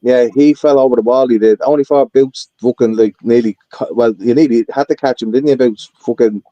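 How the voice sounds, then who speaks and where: Dark-toned man on dull audio. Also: medium pitch, steady tone, fairly quick, dry recording. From Ireland. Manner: blunt, swearing storyteller. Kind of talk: casual chat.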